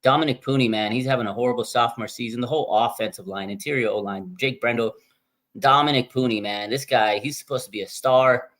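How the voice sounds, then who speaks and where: A man's voice: medium pitch, quick pace, a bit bright. A young man, a fan streamer, venting in a casual live-stream rant, repeating himself and calling out "man" and "dude".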